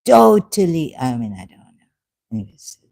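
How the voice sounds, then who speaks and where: A woman's voice: deep voice, lively intonation, measured pace, mellow, poor audio. A woman on a live stream giving rambling, impassioned commentary, repeating herself and firing rhetorical questions at her viewers.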